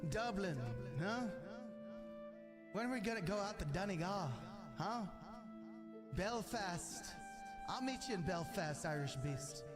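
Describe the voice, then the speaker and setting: A high-voiced man rants in a pumped-up, profane stream monologue, looping the same lines to build hype. Loud music pounds under every word, as in a clip played back from a stream. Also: expressive, measured pace, long pauses. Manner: loud, revved-up, profane, repeats himself. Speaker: streamer hosting an initiation. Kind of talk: hyped live-stream monologue.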